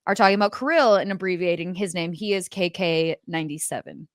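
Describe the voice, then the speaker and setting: A laid-back woman chats as a hockey podcast co-host, leaning on "like" as she talks. Her voice is a bit low, and it is recorded close and dry. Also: fairly quick, dry recording. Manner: laid-back, filler-heavy "like" talk. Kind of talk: casual podcast chat.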